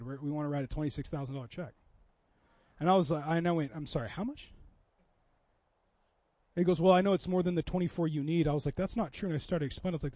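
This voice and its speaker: This church sermon comes from a pastor whose slightly high, dark voice tells a story in a conversational way before rising into impassioned preaching. The audio is dull, with no echo.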